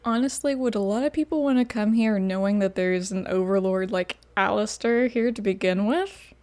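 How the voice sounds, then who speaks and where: A woman's voice: mid-range voice, moderate pace, a little mellow. A woman hosting a reaction video, chatting casually and laughing often. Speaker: host. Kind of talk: reaction commentary.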